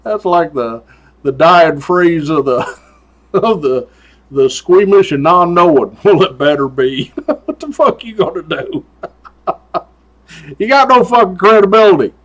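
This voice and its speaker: Folksy, profane man, slightly high. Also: big pitch swings, slow pace, long pauses, a bit bright. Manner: profane, folksy, laughs often. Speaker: host. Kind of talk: casual storytelling monologue.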